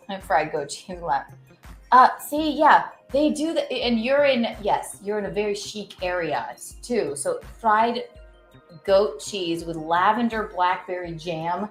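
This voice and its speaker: A woman hosting a casual cooking livestream, chatting in an animated, giggly way and reading out viewer tips. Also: mid-range voice, unhurried. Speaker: cooking show host. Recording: echoey room with faint music.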